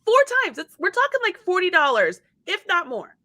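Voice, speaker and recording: A woman's voice: very high voice, normal speed, no room sound. A woman in her forties, host of a casual chat, telling a family story and acting out what everyone said. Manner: animated storyteller acting out quotes.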